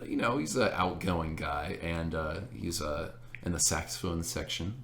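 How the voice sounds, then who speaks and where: A young man in casual chat, telling an animated story with laughs and many fillers. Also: low-pitched, measured pace, creaky. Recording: echoey room.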